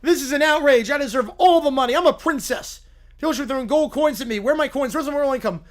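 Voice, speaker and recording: A man doing a shrill bratty princess streamer. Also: fast talker. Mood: whiny. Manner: petulant, demanding, shrill whining. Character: bratty whiny young male streamer calling himself princess. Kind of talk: comic skit read aloud on a livestream.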